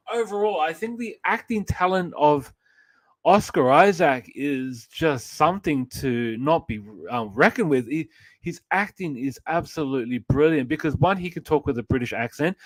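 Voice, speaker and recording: A man's voice: a little high, dry recording. Man gushing as a co-host on a close, dry mic. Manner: effusive, gushing praise. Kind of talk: casual pop-culture chat.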